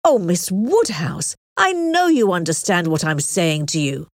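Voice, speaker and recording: A woman's voice: lowish voice, big pitch swings, a little slow, no room sound, studio quality, voice pushed down. A woman voicing a pompous, passionate young male vicar in an audiobook story, pleading and easily offended.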